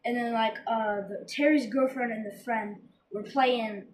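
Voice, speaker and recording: A woman co-hosting a casual horror movie review, recapping the plot haltingly and searching for names. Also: a little high, fairly even intonation. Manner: halting, many fillers and restarts, searching for names. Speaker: podcast co-host. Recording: distant mic with faint background noise.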